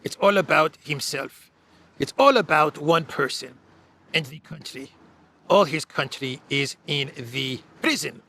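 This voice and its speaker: A man putting on the voice of a foreign male president who speaks broken, emphatic English with drawn-out "eh" sounds. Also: a little high, animated, bright, forceful tone, exaggerated voice. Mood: pleading.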